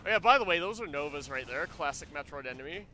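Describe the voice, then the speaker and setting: A man giving loose, joking commentary over his gameplay, laughing often as he rambles. His voice is fairly high and very bright, with a sharp edge, and a faint hiss sits under the recording. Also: expressive, quick pace. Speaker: streamer.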